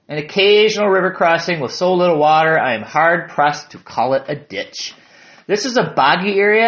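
Lively Michigan man narrating a hike. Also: on the high side, muffled recording. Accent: southern Lower Peninsula Michigan. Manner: calm, descriptive storytelling. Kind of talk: scripted narration of a hiking memoir.

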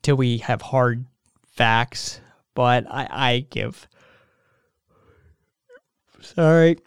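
Male solo podcast host, sleepy and meandering, mid-pitched resonant voice, dry close mic, casual cursing. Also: drawn-out words, creaky, smooth, no room sound. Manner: meandering, frequent fillers and restarts, swears casually. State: tired, yawning. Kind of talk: casual rambling monologue.

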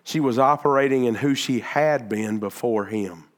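A man preaching a sermon, acting out the words of Bible figures and swinging between loud emphatic peaks and quieter stretches of explaining. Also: medium pitch, normal speed. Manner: animated, acts out Bible figures' words in quoted speech. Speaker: pastor.

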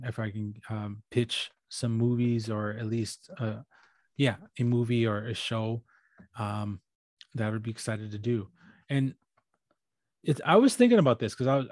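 A man with a middle pitch speaks in an easygoing way as a guest on a podcast, pausing often and working through his thoughts with ums. The recording is close and dry. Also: no room sound. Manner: relaxed, hesitant with ums, thoughtful. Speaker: guest, comedian and actor. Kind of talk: casual interview chat.

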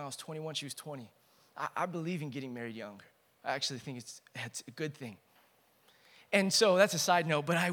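A young man delivers a sermon as pastor, his voice high and bright. He alternates between loud, rising exhortation and quiet, hushed storytelling.

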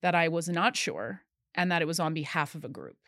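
Earnest woman with a low-set voice. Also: brisk, fairly bright tone, dry recording, studio quality. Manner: earnest, recounting events in detail, at times emphatic. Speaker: guest. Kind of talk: interview storytelling.

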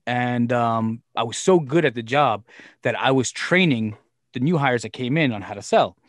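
Profane, animated man telling a story. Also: medium pitch, moderate pace, dry recording, studio quality. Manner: profane, animated storyteller who acts out quotes. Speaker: interview guest. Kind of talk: casual storytelling.

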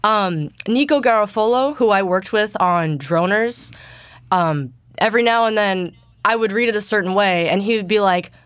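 Smooth-voiced young woman with allergies. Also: normal speed, no echo. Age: young adult. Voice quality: naturally deep for her. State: congested from allergies. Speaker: guest voice actor. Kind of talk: casual interview answers.

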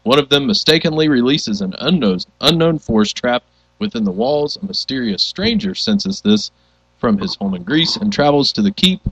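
A man's voice: mid-range voice, animated, normal speed, fairly bright tone, breathy edge, no room sound, poor audio. A man co-hosting a casual movie podcast, reading a film synopsis and then explaining his pick in a hesitant way, full of ums. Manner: hesitant, filler-heavy, trails off. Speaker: podcast co-host, the Professor.

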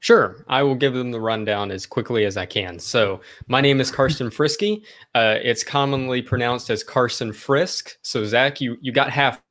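A man's voice: mid-range voice, moderate pace, few pauses, a bit bright. A man in his twenties, a podcast guest, explaining himself in a friendly, earnest way at length. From American South. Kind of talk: casual interview chat.

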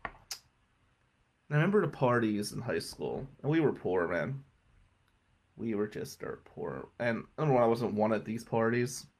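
A middle-aged man telling a personal story in a casual, animated way, blunt and swearing freely, swinging between loud emphasis and hushed asides. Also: on the low side, moderate pace, long pauses. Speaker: podcast guest telling a life story.

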